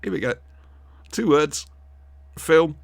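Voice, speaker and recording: A man's voice: fairly high pitch, slow, gravelly, no room sound. A man, co-hosting a casual, jokey watch-along commentary. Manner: jokey, rambling, animated reactions. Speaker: podcast co-host.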